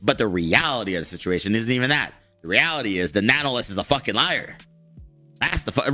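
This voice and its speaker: A man's voice: medium pitch, lively intonation, brisk, pushed and bright, soft background music. A man live-streaming, commenting bluntly and heatedly, with plenty of swearing as he reacts and reads aloud. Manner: blunt, profane, heated ranting.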